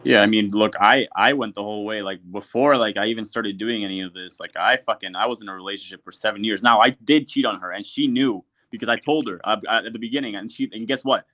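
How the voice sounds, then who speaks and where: A man's voice: fairly low pitch, quick pace, hardly any pauses, pushed and bright. A man in his twenties hosting a casual online group chat, blunt and profane, full of filler words.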